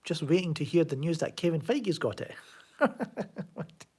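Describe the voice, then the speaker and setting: A dark, husky male voice pitched a little high, expressive and at normal speed. He's a Glaswegian Scot on a home live stream, sardonically and casually answering his chat, rambling as he reads messages aloud.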